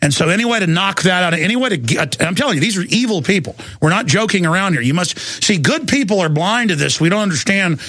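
A man's voice: high voice, animated, fast talker, few pauses, a bit bright, no room sound. A middle-aged man hosting a talk radio show, ranting heatedly and often stammering and repeating his words.

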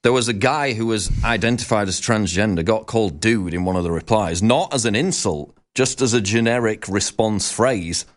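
A man co-hosting a talk show, laying out points in a measured, explanatory way. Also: fairly low pitch.

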